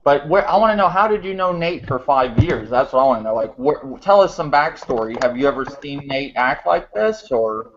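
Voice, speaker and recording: A man hosting a podcast, questioning a guest in halting, repetitive speech. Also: mid-range voice, animated. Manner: questioning, halting, repeats himself. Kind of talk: podcast argument. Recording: dull lo-fi sound.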